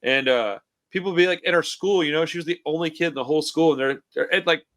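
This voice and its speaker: A man in his forties hosts a podcast, chatting loosely over a computer call. His voice sits a bit high, and he rambles in a laid-back, profane way. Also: fast, fairly bright tone. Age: 40s. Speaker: podcast host. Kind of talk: casual podcast chat. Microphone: computer call mic.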